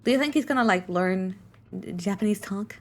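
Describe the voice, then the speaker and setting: A woman's voice: mid-range voice, normal speed. A woman streamer, not a native English speaker, chatting casually over gameplay in a rambling way with lots of fillers.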